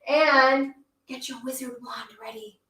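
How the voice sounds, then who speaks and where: A cheerful woman reads a rhyming children's story and guides young listeners through yoga poses. She sounds encouraging and sing-song, with a high voice. Her words echo around the room. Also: fairly even intonation, a little slow, fairly bright tone, far from the mic. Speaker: kids' yoga teacher and storyteller.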